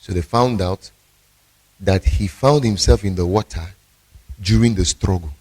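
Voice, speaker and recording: A man's voice: low-pitched, measured pace, darkish tone. A male pastor, preaching emphatically and telling stories in a sermon.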